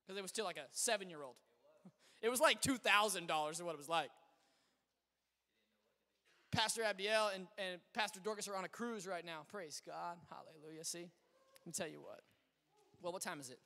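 High, bright-voiced preacher man in a hall. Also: fairly quick, pauses often. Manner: storytelling, animated, swings between shouting and quiet asides. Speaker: pastor. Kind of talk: sermon. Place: church sanctuary. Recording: long hall reverb.

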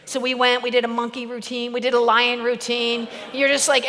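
A woman preacher giving a humorous sermon, animated and playful, laughing often. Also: on the high side, brisk, hardly any pauses, in a large hall.

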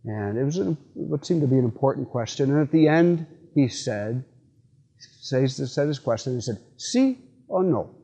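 A middle-aged man, a priest, giving a homily in a church with relaxed, folksy storytelling and frequent fillers. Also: medium pitch, moderate pace, gravelly. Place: church sanctuary.

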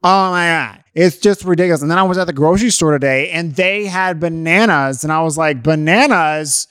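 A chattering, scatterbrained young girlfriend who babbles on breathlessly, as a man puts her on in a fairly high, dry voice. She tumbles from one trivial complaint to the next, piling on oh my Gods. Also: fairly quick, fairly bright tone, smooth, dry recording, lightly acted. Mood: rambling gossip. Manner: breathless rambling, peppered with oh my God.

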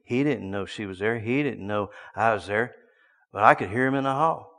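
A man preaching a sermon, telling a story and swinging from hushed asides to loud bursts. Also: lowish voice, moderate pace, long reverb tail.

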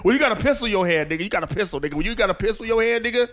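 A man in a casual chat, talking loudly and profanely and acting out confrontations. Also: high voice, very fast, a crowd in the background. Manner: loud, profane, animated. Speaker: podcast co-host.

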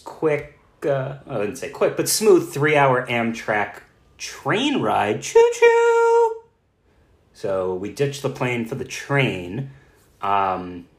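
A man co-hosting a travel podcast in casual chat, self-deprecating and laughing often. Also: medium pitch. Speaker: podcast co-host. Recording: roomy echo.

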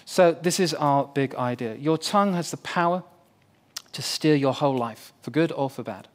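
Male pastor, young adult, earnest conversational sermon, slightly high voice. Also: normal speed. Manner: earnest and conversational, with playful asides.

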